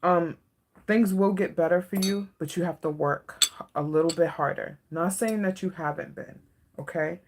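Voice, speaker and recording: A woman giving a live-stream tarot reading, soft-spoken and emotional, often checking in with her viewers. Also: lowish voice, moderate pace, a little hiss or hum. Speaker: tarot reader.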